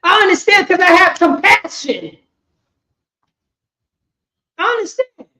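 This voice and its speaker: A woman, teaching a class in a preaching style, emphatic and repetitive, swinging between loud bursts and quiet asides. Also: very high voice, lively intonation, measured pace. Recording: echoey room, muffled lo-fi sound.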